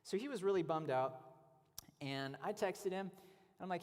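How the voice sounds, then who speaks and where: A man's voice: a little high, normal speed. A man giving a conversational testimony at a church event, telling stories with many casual fillers. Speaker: guest speaker. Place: church hall. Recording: long hall reverb.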